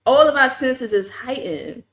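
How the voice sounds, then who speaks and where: Animated, profane New York woman storyteller. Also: sits high, measured pace. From New York City. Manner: animated, profane, emphatic, talks to chat. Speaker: livestream host. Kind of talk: casual livestream storytelling.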